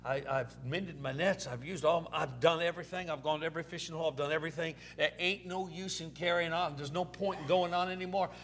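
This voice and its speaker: Preacher doing a high, strained, bright-voiced fisherman disciple, raw and pleading. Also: steady tone, fast, few pauses. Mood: weary, exasperated. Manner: pleading, raw complaint to God. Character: frustrated weary male fisherman disciple.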